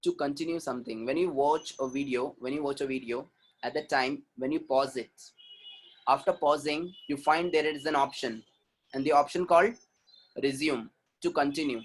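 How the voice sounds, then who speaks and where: With a medium-pitched voice and a moderate pace, a man with an Indian accent gives a communication-training webinar. He makes his points emphatically, restates them, and repeatedly poses rhetorical questions to his audience.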